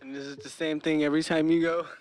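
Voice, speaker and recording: Pushy young comedy-podcast host. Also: male voice, a little high, flat delivery, fast, a little mellow. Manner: pushy, mock-serious, teasing. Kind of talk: casual comic podcast hosting.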